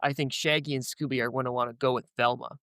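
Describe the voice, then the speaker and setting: Smooth-voiced man thinking aloud, dry. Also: mid-range voice, steady tone, fast, bright, forceful tone, no room sound. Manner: tentative, thinking aloud with restarts. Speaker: podcast guest. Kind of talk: casual story-planning chat.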